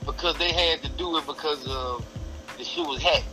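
A man's voice: on the high side, normal speed, over music, poor audio. A man on a casual podcast, rambling animatedly through conspiracy theories. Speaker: podcast co-host.

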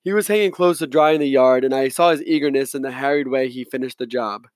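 A man reading a novel aloud in the first person, in a measured, reflective manner, close to the mic. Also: mid-range voice, dry recording. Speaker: audiobook narrator. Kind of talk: scripted narration, first person.

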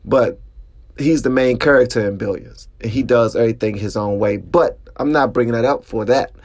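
This podcast host spins a story in a relaxed solo monologue at a moderate pace. He's lively, and his voice climbs higher when he gets excited.

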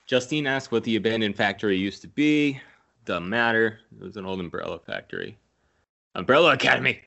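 A man's voice: on the low side, sing-song, brisk, vocal fry, pushed and bright. A man casually recapping a movie scene by scene, swearing freely and laughing at his own jokes. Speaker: podcast host recapping a film.

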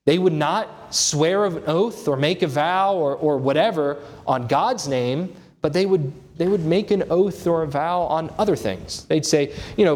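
A man's voice: fairly high pitch, a little slow, darkish tone. A man preaching an expository sermon, earnest and emphatic, his voice rising on key points.

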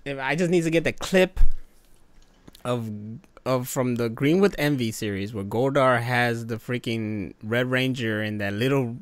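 Man, casual chat, laughs easily, trails off softly, dry sound. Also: medium pitch, measured pace, smooth, no room sound.

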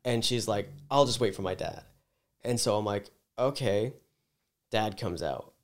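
A man's voice: on the low side, measured pace. A man telling a work story in casual chat, rambling with lots of "like" and acting out the people in it. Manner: rambling, fills talk with "like"; acts out the people in his story.

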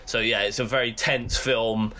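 A man's voice: mid-range voice, fairly even intonation, moderate pace, bright, forceful tone. A young British man co-hosting a podcast, chatting casually, swearing freely and laughing often. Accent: British English. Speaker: podcast co-host. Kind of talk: casual chat.

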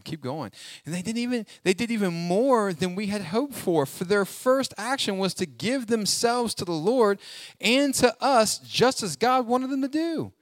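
Male pastor, high-pitched, lively sermon delivery with jokes and congregation call-outs. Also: a little slow, no echo. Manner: call-and-response preaching, asks congregation to fill in words; animated, jokes and laughs, sings snatches.

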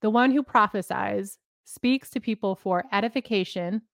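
A woman's voice: medium pitch, moderate pace, gravelly, no room sound, studio quality. A woman co-hosting a casual faith podcast, teaching with laughter and self-mockery. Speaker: podcast host.

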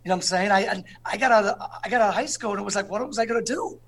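A man speaking as a guest in an interview, telling stories with lively energy and often asking "you know what I'm saying". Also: high-pitched, very fast, slight background noise.

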